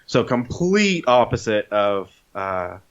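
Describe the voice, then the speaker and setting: Male podcast co-host, lowish voice, casual profane storyteller, dull lo-fi audio. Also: slow. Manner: animated storyteller, swears freely, acts out quotes. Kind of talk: casual chat retelling a movie.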